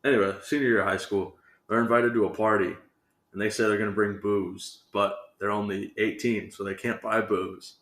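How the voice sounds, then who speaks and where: A man's voice: on the low side, little pitch movement, moderate pace, a bit bright. A man co-hosting a movie podcast, chatting casually and rambling as he laughs and acts out scenes. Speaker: returning podcast co-host. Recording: echoey room.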